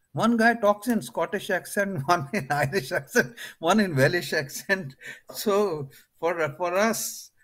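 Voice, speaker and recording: Animated older Indian man telling stories. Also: high-pitched. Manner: animated, acts out others' lines in his stories. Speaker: interview guest, retired air force officer. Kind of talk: anecdotal interview storytelling.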